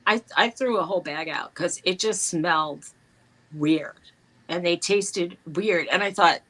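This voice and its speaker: A middle-aged woman with a New York accent, chatting casually as co-host, animated and laughing often as she tells stories. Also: on the low side, unhurried, poor audio. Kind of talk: casual chat.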